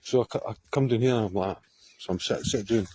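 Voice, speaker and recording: A man's voice: fairly low pitch, fast, darkish tone, husky, dry recording. A Scottish man telling a story to camera outdoors on a hillside, rambling, swearing freely and often laughing. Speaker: vlogger.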